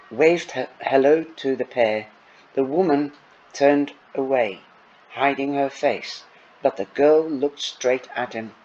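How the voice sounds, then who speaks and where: A man reading a novel aloud in the first person, unhurried with small stumbles. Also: mid-range voice, muffled recording, a little hiss or hum. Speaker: audiobook reader. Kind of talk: first-person audiobook narration.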